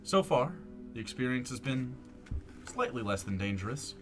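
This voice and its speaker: A man serving as game master reads a dramatic recap of the story so far. His pitch moves a lot. Music plays clearly beneath his voice. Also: big pitch swings, normal speed. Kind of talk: narrating a tabletop game.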